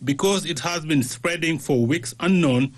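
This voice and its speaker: Husky male newsreader. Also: on the high side, normal speed. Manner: steady formal reading. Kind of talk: read news bulletin.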